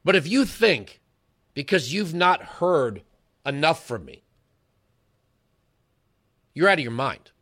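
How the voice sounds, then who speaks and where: Guy in his 40s doing a political radio monologue, pretty high voice, pushy and emphatic. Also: expressive, a little slow, pauses often, a bit bright. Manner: emphatic, rhetorical, shifts between lecturing and storytelling. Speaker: radio talk show host.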